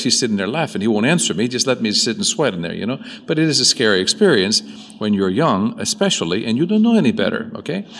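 A man from Chicago preaching a sermon, telling stories with rhetorical questions. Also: on the low side. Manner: storytelling, animated, rhetorical questions. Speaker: priest. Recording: long hall reverb.

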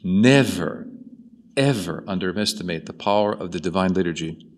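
Male preacher, lowish voice, animated storyteller, long church reverb. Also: normal speed. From Chicago. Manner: storytelling, animated, rhetorical questions. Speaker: priest. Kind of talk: sermon.

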